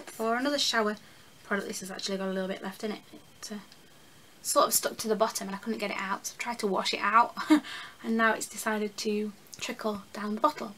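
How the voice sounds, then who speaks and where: Young woman, beauty vlogger, bright tone, casual self-deprecating chat, faint background hiss. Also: medium pitch, low-quality recording. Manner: chatty and self-deprecating, with frequent ums and laughs. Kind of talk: casual product review chat.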